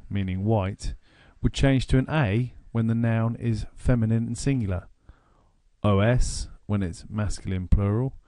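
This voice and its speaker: A man with an English accent narrating a grammar lesson, explaining slowly and deliberately. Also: fairly low pitch, warm tone, no echo, clean studio sound. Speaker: language teacher.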